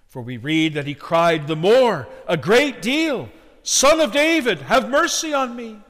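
A man preaching a sermon with earnest emphasis, swinging between loud and hushed. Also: mid-range voice, in a large hall.

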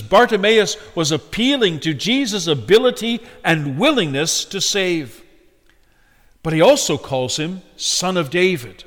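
A male preacher gives an earnest sermon in a fairly high voice. He shifts between loud emphasis and quiet, direct appeals, with long reverb trailing through a hall.

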